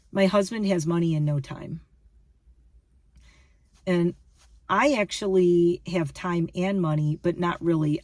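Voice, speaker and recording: A woman's voice: lowish voice, a little mellow, no echo, distant mic. Rambling emphatic woman in her fifties. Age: 50s. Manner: emphatic, repeats herself, restarts. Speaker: lifestyle vlogger. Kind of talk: casual rambling monologue to camera.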